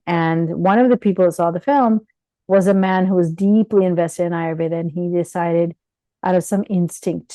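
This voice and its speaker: Middle-aged woman, dark mellow voice, dry close sound, lively storyteller who does the voices. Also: fairly low pitch, no echo, low-quality recording. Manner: animated, acts out quoted voices with laughter. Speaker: guest physician. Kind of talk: casual storytelling interview.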